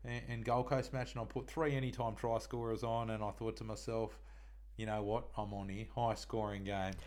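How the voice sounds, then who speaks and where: Laid back aussie bloke chatting sport and bets, laughs a lot. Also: male voice, on the low side, flat delivery, normal speed, a little mellow. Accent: Australian. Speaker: podcast co-host. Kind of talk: casual sports banter.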